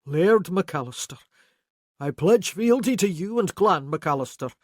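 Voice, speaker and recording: A narrator voicing a remorseful older Highland man who pleads earnestly in a historical romance audiobook. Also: expressive, a little slow, darkish tone, dry recording, clean studio sound. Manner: earnest, pleading, guilt-ridden. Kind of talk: audiobook character voice.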